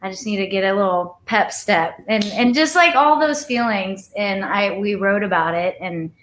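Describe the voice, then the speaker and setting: A woman in her twenties, a singer, chatting casually on a video call, soft-spoken and rambling with many fillers. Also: medium pitch, normal speed, slight background noise. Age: 20s. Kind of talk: casual live-stream chat.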